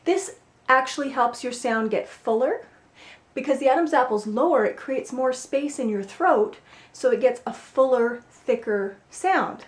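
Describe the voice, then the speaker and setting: A woman vocal coach giving a singing lesson, explaining clearly and with a playful, upbeat manner. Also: high-pitched, unhurried. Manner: clear, upbeat instructive delivery with playful demonstrations. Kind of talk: singing lesson with spoken instruction. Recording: roomy echo with faint music.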